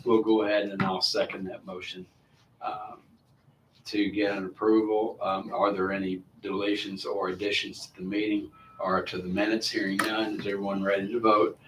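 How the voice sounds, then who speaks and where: A man chairs a committee meeting in a friendly, rambling way, often stopping to apologize. His voice sits a little low and comes from some distance in an echoey meeting room, with a faint hiss underneath. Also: level tone, normal speed, fairly bright tone.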